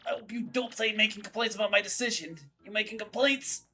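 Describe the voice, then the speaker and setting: A woman voicing a gravelly old male mob boss creature in a video game, with a raspy, menacing drawl. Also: medium pitch, fairly quick, pushed and bright, distant mic, soft background music, voice pushed up, natural voice. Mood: threatening. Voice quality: raspy Godfather-style mumble.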